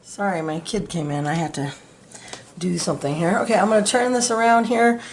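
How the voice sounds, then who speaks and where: A middle-aged woman talking through a drawing lesson at her desk, chatty and self-deprecating. Her voice has a gravelly fry, and there is a faint hiss in the room behind her. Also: lowish voice, fairly quick. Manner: chatty, self-deprecating, talks while working. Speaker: art tutorial host. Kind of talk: casual real-time drawing tutorial.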